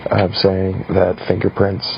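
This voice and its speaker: A man's voice: low voice, completely flat delivery, unhurried, creaky, slight background noise. A man leaving a rambling, laid-back voicemail for a radio show. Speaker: voicemail caller. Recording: dull lo-fi voicemail.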